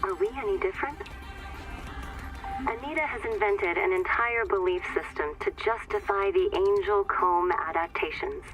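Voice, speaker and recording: An actress playing a chaplain psychiatrist who questions in a calm, probing, quietly unsettling way in a game cutscene. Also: female voice, medium pitch, moderate pace, faint music behind, lightly acted.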